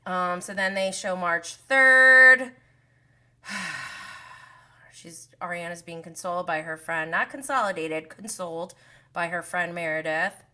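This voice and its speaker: A woman hosts a casual live-stream gossip recap, talking fast and freely. Her voice is bright and sharp. She is animated and sarcastic, with exasperated asides throughout. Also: lowish voice.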